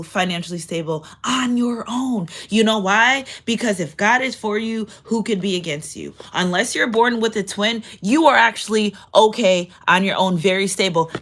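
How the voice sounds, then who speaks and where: A woman of middling pitch gives a casual spiritual tarot reading, speaking straight to her viewers. She is emphatic and swears freely, her loudness swinging up and down for emphasis. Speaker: tarot reader.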